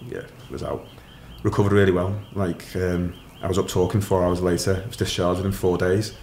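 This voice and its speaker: A man's voice: deep voice, fairly even intonation, brisk, darkish tone, echoey room, a little hiss or hum. A middle-aged man, a podcast guest candidly telling his story in a matter-of-fact, casual way.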